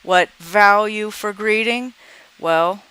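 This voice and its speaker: A woman's voice: medium pitch, slow, bright, forceful tone, clean tone, no echo. A woman walking through a coding example in a screencast tutorial, thinking aloud as she debugs and reads out dialog lines. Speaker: programming teacher.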